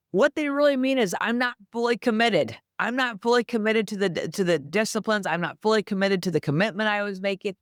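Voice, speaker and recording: A woman's voice: mid-range voice, animated, normal speed, few pauses, no echo, studio quality. Emphatic woman giving a faith pep talk. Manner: emphatic, preachy, acts out quoted phrases. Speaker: podcast host.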